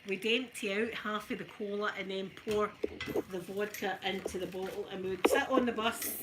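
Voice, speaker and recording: A Glaswegian woman in her fifties, chatting softly in an ASMR video while ironing, telling lively stories and answering viewers in broad Scots. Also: medium pitch, moderate pace, background noise. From Scotland. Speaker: ASMR creator. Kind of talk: soft-spoken ASMR chat while ironing.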